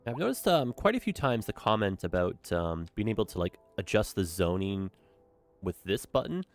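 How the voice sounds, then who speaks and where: A man's voice: fairly low pitch, sing-song, moderate pace, soft background music. A young man commenting casually on a city-building game as he streams it, upbeat and chatty, often tagging his sentences with "eh". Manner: chatty, upbeat, tag questions with "eh". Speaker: gaming streamer. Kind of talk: casual let's-play commentary.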